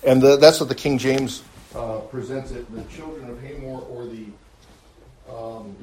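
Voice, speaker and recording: A man teaching a Bible study class, pausing often with fillers and restarts, and answering questions politely. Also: mid-range voice, fairly even intonation, darkish tone. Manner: halting, many fillers and restarts; polite, answers with "yes, ma'am".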